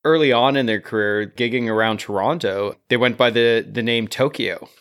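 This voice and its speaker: A man with a middle-pitched, plain voice, joking in casual podcast chat. He talks loosely, with frequent "uh" and "yeah". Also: a bit bright, smooth. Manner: joking, quick with fillers. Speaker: podcast co-host.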